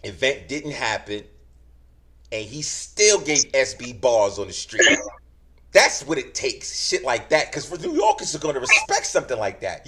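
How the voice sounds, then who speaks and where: This is a man hosting a relaxed podcast conversation. His pitch swings around a lot as he talks, and he rambles, starting over again and again. The recording has a clear layer of background noise under his voice. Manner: rambling, full of restarts and fillers. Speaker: podcast host. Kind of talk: casual chat. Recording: noisy background hiss.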